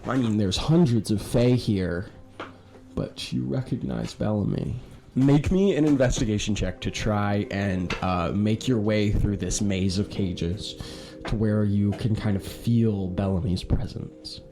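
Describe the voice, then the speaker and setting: A man running a tabletop game as game master, narrating in a casual, animated way. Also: fairly low pitch, unhurried. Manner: casual, animated, laughing storyteller.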